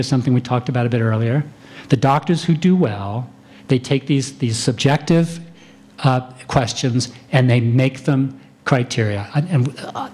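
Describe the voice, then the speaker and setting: Calm man lecturing clinicians. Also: mid-range voice. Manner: calm, demonstrating doctor-patient dialogue. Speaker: physician lecturer.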